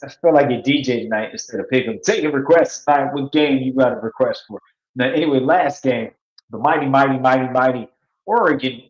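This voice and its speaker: A man's voice: on the low side, creaky. Male sports-talk host, playful and rambling, reads viewer picks; roomy, muffled recording. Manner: loose, playful, repeats words and trails off. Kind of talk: casual live sports chat, reading viewer picks. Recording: echoey, dull lo-fi sound.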